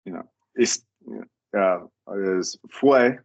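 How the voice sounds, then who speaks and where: Man, language student, hesitant, lots of fillers, very slow pace, dull call audio. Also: low voice. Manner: hesitant, repeats words while practicing, many fillers. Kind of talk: online one-on-one lesson.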